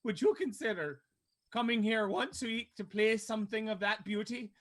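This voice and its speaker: A man voicing a gruff, tearful middle-aged woman who keeps a tavern bar in a tabletop game. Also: low voice, moderate pace. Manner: sobbing, motherly, then snapping loudly. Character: gruff weepy middle-aged female barkeep.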